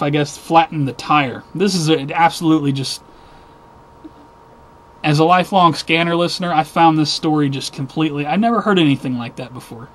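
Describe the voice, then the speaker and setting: A man hosting a casual weekly news video, rambling and restarting as he rants about the stories. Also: a little high. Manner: rambling, restarts, easily worked up.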